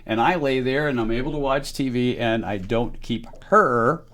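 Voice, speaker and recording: A man's voice: medium pitch, moderate pace, a bit bright. A man co-hosting a casual product review show with his wife, teasing her and laughing often. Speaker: co-host of a product review channel.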